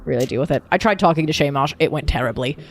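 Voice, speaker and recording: A tabletop player who talks in halting, rambling bursts full of fillers. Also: medium pitch, slight background noise.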